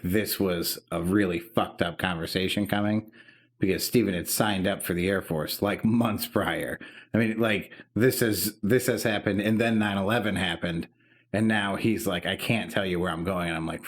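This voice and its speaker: With a low-pitched voice and a moderate pace, a man in his thirties shares an emotional story while co-hosting a podcast, keeping the conversation casual and full of profanity.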